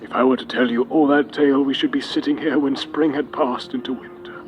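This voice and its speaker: Gandalf, a man doing a deep old wizard. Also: steady tone, lo-fi sound, natural voice. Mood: solemn. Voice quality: deep, solemn. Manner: slow, measured, dropping to a hush. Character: old male wizard, grave and wise. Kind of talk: audiobook character reading. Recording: loud music bed behind voice.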